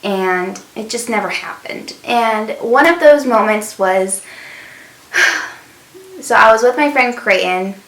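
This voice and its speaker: A young beauty vlogger with a slightly high, fairly bright voice tells a story casually. She's chatty, uses lots of fillers, and acts out quotes, with a roomy echo on the recording.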